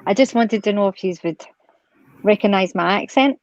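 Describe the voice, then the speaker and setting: A Scottish woman calling into a livestream, soft-spoken and modest in casual chat. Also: mid-range voice, moderate pace, no echo, dull audio. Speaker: livestream guest caller.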